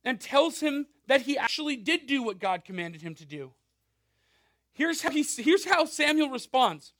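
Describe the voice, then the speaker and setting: A male pastor with a strikingly high voice preaches in a loose, conversational way. He checks in with the crowd through quick rhetorical asides, and the sound is close and dry. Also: dry recording. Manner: animated, with frequent asides and rhetorical questions. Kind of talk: conversational sermon.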